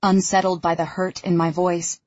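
A woman narrates a first-person audiobook in a hushed, intimate manner. Her voice is husky and sits somewhat low. The recording is dull and slightly lo-fi. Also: level tone, moderate pace, no room sound.

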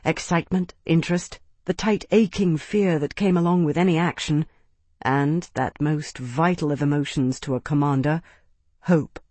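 Audiobook narrator, steady even delivery, mid-pitched voice, dry close sound with no room. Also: normal speed, dry recording. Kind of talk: scripted narration.

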